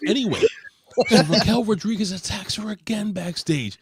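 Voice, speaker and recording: A man's voice: moderate pace, noisy background. A man hosting a casual wrestling review show, recapping in a profane, rambling way. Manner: profane, rambling recaps with lively pitch swings. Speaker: host.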